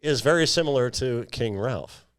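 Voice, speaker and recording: Wry, measured male podcast co-host. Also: mid-range voice, expressive, clear, resonant tone. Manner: measured, wry, searches for words. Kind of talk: casual chat.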